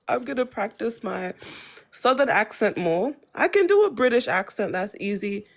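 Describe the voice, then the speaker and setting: A woman's voice: a little high, expressive, moderate pace, creaky. A woman with an Australian accent chatting casually on a live stream, chatty and self-mocking.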